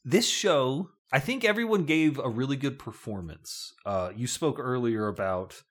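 A man's voice: medium pitch, expressive, measured pace, a bit bright. A man co-hosting a casual podcast, chatting in a jokey way and laughing often. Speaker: podcast co-host.

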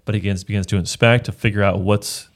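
A man's voice: fairly low pitch, fairly even intonation, quick pace. A man, a pastor, talking through a book of the Bible in a casual discussion, earnest and often restarting his phrases as he reads verses aloud.

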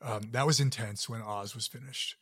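A middle-aged man, an actor and producer, telling stories in a relaxed interview with a deep, soothing voice. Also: normal speed, husky. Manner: relaxed storyteller with many fillers and restarts. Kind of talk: casual interview chat.

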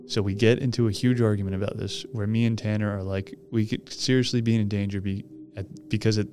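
A man's voice: lowish voice, steady tone, a little fast, music in the background. A man hosting a podcast, reading a horror story aloud in a casual way and swearing freely as he goes. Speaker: podcast host.

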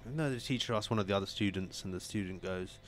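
Animated joke-telling man. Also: fast talker. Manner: animated storyteller, raises pitch for quoted characters. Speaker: guest. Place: home setup on a live stream.

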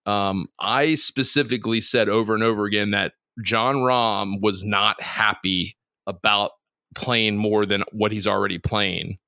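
A man with a fairly low voice and a bright, forceful tone, hosting a laid-back sports podcast. He talks bluntly and swears without a second thought. The sound is dry and close. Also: steady tone, unhurried, dry recording. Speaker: podcast host. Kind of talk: casual sports chat.

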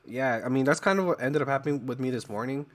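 A man's voice: medium pitch, quick pace. A young adult man talking through a voice changer, chatting as a streamer guest in a laid-back, rambling way full of fillers. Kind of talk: casual interview chat.

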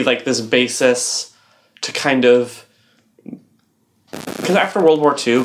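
A young woman co-hosts a relaxed podcast, explaining at length. Her talk rambles, thick with "like" and "um" as she works through her points. It is an easy, conversational chat. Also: very deep voice, a little hiss or hum. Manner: rambling explainer, heavy use of "like" and "um". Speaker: podcast co-host.

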